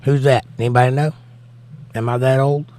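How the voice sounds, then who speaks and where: A man's voice: mid-range voice, fairly even intonation, moderate pace, a little mellow. American man reading live chat aloud. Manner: reads chat aloud in a raised, sing-song voice. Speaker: livestream host. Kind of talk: casual chat reading viewer comments.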